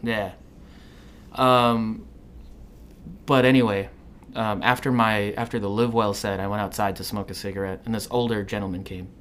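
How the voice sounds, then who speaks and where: A man co-hosting a podcast, telling long rambling stories in a dry, deadpan way. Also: lowish voice, normal speed, pauses often, a little hiss or hum. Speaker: podcast co-host. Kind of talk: casual chat.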